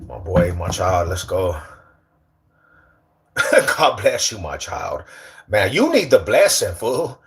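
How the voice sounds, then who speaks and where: A man hosting a casual livestream, talking slangy and animated, teasing and bantering with his chat. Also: low-pitched, slow, long pauses. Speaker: livestream host.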